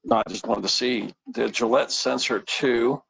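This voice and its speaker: Husky man asking curious questions. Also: mid-range voice, steady tone, moderate pace, a bit bright, no room sound, low-quality recording. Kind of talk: casual chat.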